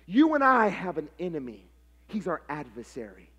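A pastor preaching a live sermon, calling on his congregation to answer back and building to shouted, sing-song passion. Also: a little high, very animated, moderate pace, slightly rough. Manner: call-and-response preaching, prompting the congregation.

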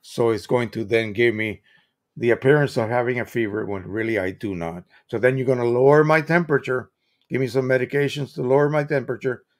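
A man's voice: medium pitch, a little fast. An American man hosting a live stream, explaining printing in a chatty, casual way with examples and restarts.

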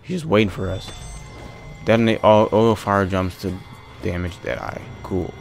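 A man's voice: on the low side, steady tone, normal speed, creaky, faint music behind. A man giving casual let's-play commentary, exasperated and ranting to himself as he plays. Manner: casual slangy talk. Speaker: gaming channel host.

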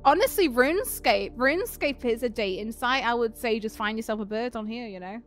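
Young woman, gaming streamer, higher voice, swears and teases; faint music behind. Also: animated, fairly quick. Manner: swearing, laughing, teasing banter. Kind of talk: casual gaming chat.

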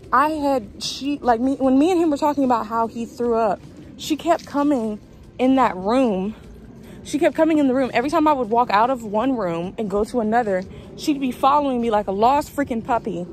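A woman of twenty-one telling a story in a casual, animated way in a vlog. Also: sits high, slight background noise, poor audio. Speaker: vlogger.

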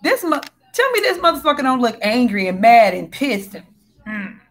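A woman's voice: a little high, sing-song, normal speed. A woman giving a casual spiritual tarot reading, talking bluntly and animatedly, with frequent swearing. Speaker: tarot reader.

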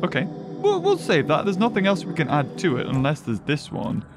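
Excitable gaming host. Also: male voice, a little high, normal speed. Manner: excitable, chatty, thinks aloud. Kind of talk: casual gameplay commentary.

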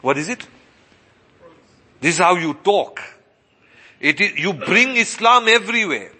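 A man's voice: high voice, animated, a little slow, long pauses, sharp tone, a little hiss or hum. Man, imam, sermon, rhetorical questions, repeats points, reverberant hall. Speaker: imam and preacher.

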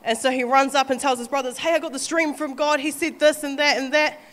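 A woman with a New Zealand accent preaching a sermon, animated and often acting out quoted voices with light laughter. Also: high-pitched, quick pace, in a large hall.

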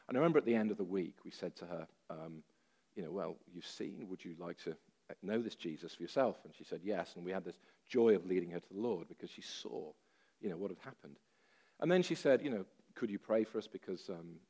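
A man preaching a sermon, telling a story with lively, self-deprecating humor and many fillers. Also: deep voice.

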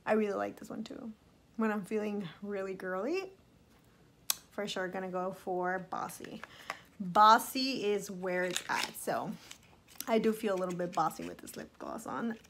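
A woman's voice: mid-range voice, normal speed, fairly bright tone, a little hiss or hum. A young woman vlogger giving a bubbly, playful makeup review, talking straight to her viewers. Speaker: beauty vlogger.

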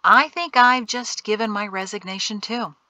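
A woman reading aloud voices a calm, knowledgeable male guide who explains things steadily. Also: high voice, moderate pace, dry recording, poor audio.

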